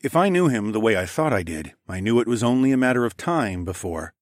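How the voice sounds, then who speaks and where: A man reading an audiobook chapter in first person, steady and expressive. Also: on the low side, fairly quick, no room sound, clean studio sound. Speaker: audiobook narrator. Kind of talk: scripted first-person narration.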